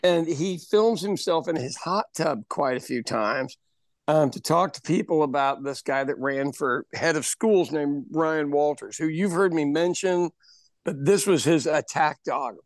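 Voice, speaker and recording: A man of about sixty co-hosting a podcast, telling stories in an animated, casual way and laughing often. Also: a little high, a little slow, no echo, studio quality. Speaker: podcast co-host, pub owner. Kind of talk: casual chat.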